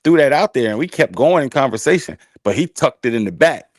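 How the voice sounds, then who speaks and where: A man's voice: medium pitch, big pitch swings, fairly quick, no echo, studio quality. Laid-back, slangy man co-hosting a book chat. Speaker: book review co-host. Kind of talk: casual book-club chat.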